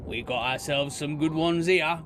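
A man's voice: fairly high pitch, moderate pace, fairly bright tone, slight background noise, close to an everyday voice. A man voicing a threatening male orc bandit leader with a coarse swagger, in a tabletop game. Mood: menacing.

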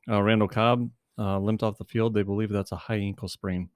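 A man's voice: on the low side, fairly even intonation, a little fast, smooth, dry recording, studio quality. A man casually chatting about fantasy football as a podcast co-host, rambling with many fillers and restarts, and he has the hiccups.

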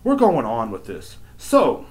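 A man hosts a podcast and tells a casual, profane story. His voice sits at an ordinary pitch. He sounds animated and exasperated as he rants. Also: takes it slowly, slight background noise. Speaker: podcast host.

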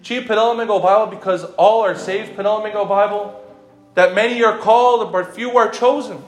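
Male preacher, very high voice, sermon with rhetorical questions and mixed languages, reverberant room. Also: fairly even intonation, a little fast, faint music behind. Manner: repetitive rhetorical questions, calls listeners by name; switches between English and another language mid-sentence.

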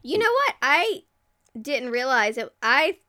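A woman's voice: sits high, slow. A woman from the Southern United States co-hosting a podcast, chatting casually and laughing easily. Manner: giggly, animated storyteller. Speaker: podcast co-host. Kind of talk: casual chat.

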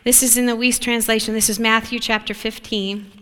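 A woman preaching a sermon in an animated way, often asking the listeners whether they agree. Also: on the high side, a little fast. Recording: long hall reverb.

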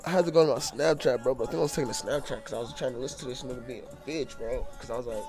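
A young man telling a rambling, profane story in casual slang, growing loud and animated when worked up. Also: medium pitch, racing, over music.

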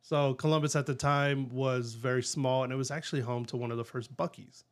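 A man's voice: medium pitch, steady tone, a little fast. Chatty middle-aged man. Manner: chatty, laughs easily, rambling storyteller. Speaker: podcast co-host. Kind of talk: casual chat.

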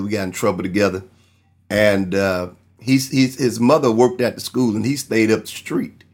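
A man preaching a sermon, earnestly telling a personal testimony and acting out the people in his story. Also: on the low side. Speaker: pastor.

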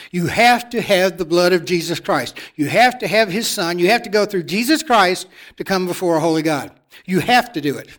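High-pitched preacher man, emphatic and repetitive. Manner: emphatic, repetitive preaching with swings from loud to hushed. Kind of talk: sermon.

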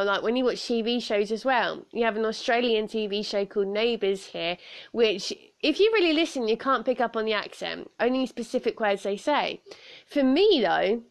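A young woman with a southern English accent, chatting on her solo podcast, giggling and rambling, with a stuffed-up nose. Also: a little high. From south of England. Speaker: podcast host. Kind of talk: casual solo podcast chat.

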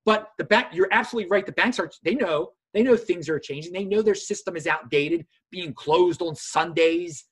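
A man hosting a casual chat, talking in an animated way and mocking others in a high voice. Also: moderate pace, hardly any pauses, husky. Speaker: host.

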